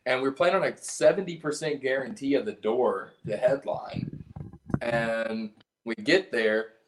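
A man's voice: mid-range voice, unhurried. A man from South Carolina, a punk band's singer and guitarist, telling a story as a podcast guest in a rambling, profane way with lots of restarts. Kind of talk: casual storytelling chat.

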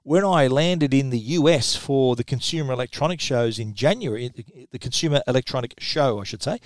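A middle-aged Australian man runs through the week's tech news in a loose, chatty way, doubling back on his words as he goes. His voice sits at a middle pitch. The sound is dry and close, with no room around it. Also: fairly quick, no echo. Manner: chatty, lively, repeats words when restarting. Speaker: tech show host. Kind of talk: radio tech news talk.

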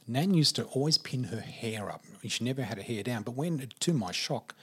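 An Australian man in his fifties telling vivid personal stories of his childhood as a podcast guest, in an unhurried way. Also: medium pitch, animated, sharp tone, breathy edge. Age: 50s. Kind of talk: personal storytelling.

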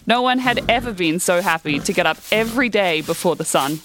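Lively woman reading a story. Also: on the low side, brisk, background noise. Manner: lively, voices the characters.

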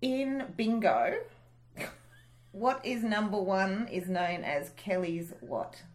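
A woman's voice: mid-range voice, animated, slow. A woman co-hosting a podcast in casual chat, blunt and cheeky, with bursts of mock outrage. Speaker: podcast co-host.

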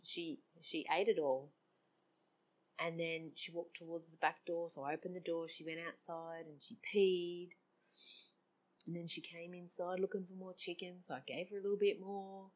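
A woman's voice: low-pitched, darkish tone. Emotional middle-aged woman. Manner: emotional, open-hearted, laughs often. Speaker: vlogger. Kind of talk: personal reflective monologue.

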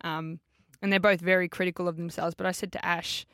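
A woman's voice: on the low side, little pitch movement, fairly bright tone, no room sound. Chatty Australian woman, dry close sound. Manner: chatty, frequent fillers and quick laughs. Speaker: footballer and podcast co-host. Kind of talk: casual podcast chat.

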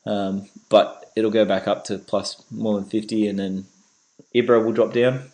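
Lowish guy on a footy podcast, jokey, laughs a lot, restarts his sentences. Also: flat delivery, a little mellow, low-quality recording. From Australia. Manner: joking, quick laughs, repeats words. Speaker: podcast co-host. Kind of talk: casual sports podcast chat.

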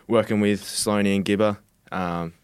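This is a young Australian footballer who chats in a laid-back, plain way. His voice is low and smooth, and the recording is close with no room sound. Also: steady tone, moderate pace, dry recording. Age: young adult. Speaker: footballer guest. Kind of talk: casual podcast interview.

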